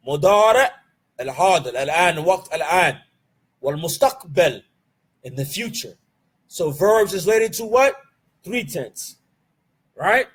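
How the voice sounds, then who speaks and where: Guy teaching arabic grammar online, kinda high husky voice, keeps asking "what?" then answering, repeats stuff slow. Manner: asks the class rhetorical questions, then answers them; repeats key terms slowly and drills them. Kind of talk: live online class lecture.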